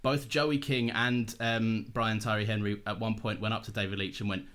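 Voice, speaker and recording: A man's voice: fairly low pitch, steady tone, fairly quick, hardly any pauses, a bit bright. A man co-hosting a podcast, chatting casually and explaining background details at length. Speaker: podcast co-host. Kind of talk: casual chat.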